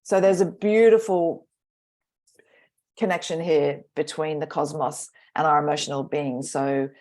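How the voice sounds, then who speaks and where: A woman astrologer talks as a podcast guest in a low voice. She speaks reflectively and takes her time, often trailing off in thought. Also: steady tone, darkish tone. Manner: reflective, slow, trailing pauses. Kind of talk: casual podcast chat.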